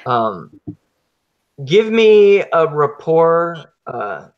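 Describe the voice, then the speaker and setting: A man narrating as game master of a tabletop horror game, talking haltingly with fillers and restarts. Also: a little high, big pitch swings, clear, resonant tone, highs cut off.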